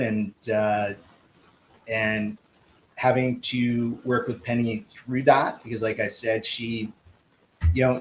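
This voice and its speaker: Male guest, swim coach, casual anecdotal storyteller, lively delivery with acted-out dialogue. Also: on the low side, low-quality recording. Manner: lively, acts out quoted dialogue.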